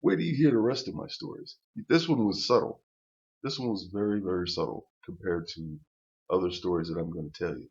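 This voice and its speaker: A man's voice: deep voice, a little fast, vocal fry, a little mellow. An older man telling a personal story to camera in a rambling, profane rant full of restarts. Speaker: channel host. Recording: dull lo-fi recording.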